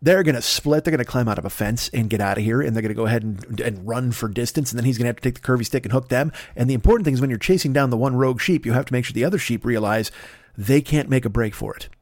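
A man telling a comic story on a podcast, rambling and swearing freely, building into loud mock-epic excitement. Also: mid-range voice, fast talker, no room sound, clean studio sound.

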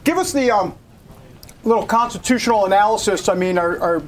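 A man's voice: high voice, expressive, a little fast, slight background noise. A man hosting a broadcast talk show, joking playfully as he hypes each segment.

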